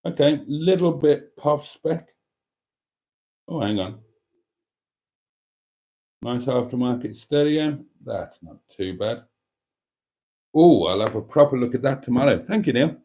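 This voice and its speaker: A man's voice: mid-range voice, expressive, unhurried, pauses often, warm tone. A man hosting a casual livestream, reading viewer comments aloud with wry, camp asides and frequent laughter. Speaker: livestream host reading chat. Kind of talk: casual live chat.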